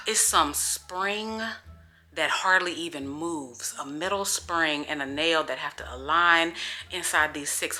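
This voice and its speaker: A young adult woman chatting casually to her viewers in a vlog, telling stories in an animated, profane way. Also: on the low side. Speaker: vlogger. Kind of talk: casual vlog chat to camera.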